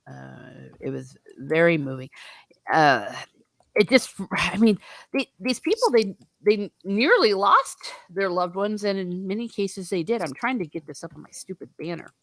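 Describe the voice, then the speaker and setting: A woman hosts a casual book discussion with a chatty, enthusiastic manner and frequent laughs. Her voice sits at a middle pitch, and the sound is dry and close. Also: animated, a bit bright, no echo. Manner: chatty, laughs often, quick asides. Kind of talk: casual chat.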